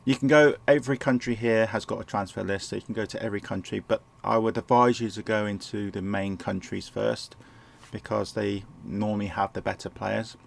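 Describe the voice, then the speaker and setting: Croaky-voiced man narrating his game. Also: on the low side, steady tone, fairly quick, few pauses. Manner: rambling, self-correcting, chuckles often. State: sore throat, croaky. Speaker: gameplay commentator. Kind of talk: casual game walkthrough commentary. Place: home, indoors.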